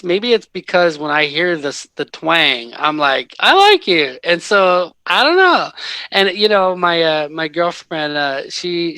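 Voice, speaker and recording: Bright, chatty man hosting a podcast. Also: on the high side, clear, resonant tone, dry recording. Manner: chatty, rambling, laughs often. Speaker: podcast host. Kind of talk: casual interview chat.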